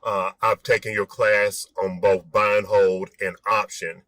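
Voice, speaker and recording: Deep, flat-voiced male caller. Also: no room sound. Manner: polite, measured, with some filler. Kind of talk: phoned-in question.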